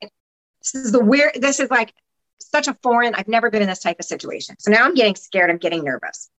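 A woman guest on a podcast, candidly recounting her past in an animated, casual way, sometimes swearing and acting out what others said. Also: a little high, brisk, low-quality recording. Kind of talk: candid personal storytelling.

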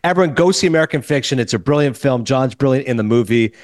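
Fast-talking male podcast host. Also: medium pitch, dry recording, clean studio sound. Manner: fast, animated storyteller. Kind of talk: casual interview chat.

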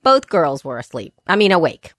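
A woman in her thirties co-hosting a podcast, telling family stories in casual chat and getting animated when she quotes people. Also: deep voice, moderate pace, no echo, studio quality. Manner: chatty storyteller, animated when quoting. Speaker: podcast co-host.

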